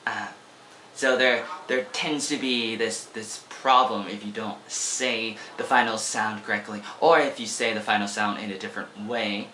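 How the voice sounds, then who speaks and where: A man's voice: on the low side, steady tone, unhurried, sharp tone, a little hiss or hum. American man, 20s, English teacher, casual vlog lesson, rambling, echoey room. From Oregon, USA. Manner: rambling, playful, repeats words as he goes.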